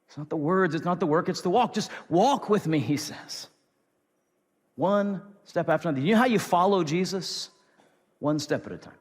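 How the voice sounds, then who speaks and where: A pastor preaching a sermon in an earnest, repetitive way, moving between loud emphasis and soft near-whispers. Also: male voice, fairly high pitch, moderate pace. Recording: long hall reverb.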